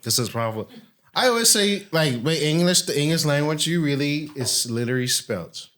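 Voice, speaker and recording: A man's voice: a little high, animated, a little fast, fairly bright tone. A man co-hosting a casual podcast, cracking jokes and tossing in playful asides. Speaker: podcast co-host.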